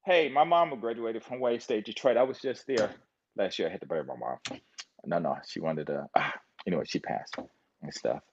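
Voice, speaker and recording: A man's voice: on the low side, fairly quick, a little hiss or hum. A man from the United States talking in a meandering monologue, full of fillers and loose trains of thought. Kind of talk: rambling monologue. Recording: dull lo-fi recording.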